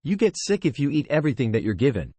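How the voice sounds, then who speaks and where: A man voicing a cold, menacing young man in a novel reading, speaking calmly and quietly to frightened captives. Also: mid-range voice, fast, husky, no room sound. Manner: quiet, calm and threatening.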